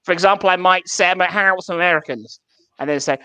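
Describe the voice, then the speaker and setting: A man's voice: sits high, fast, bright, forceful tone, clear, resonant tone, dry recording. An English man doing stand-up over a video call, swearing freely and laughing at his own jokes. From England. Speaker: stand-up comedian.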